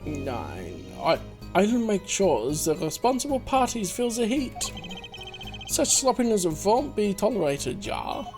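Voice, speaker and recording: A man putting on a smooth German-accented young prosecutor, low drawl, unhurried, faint music underneath. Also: big pitch swings, exaggerated voice. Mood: assured. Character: suave young male rock-star prosecutor.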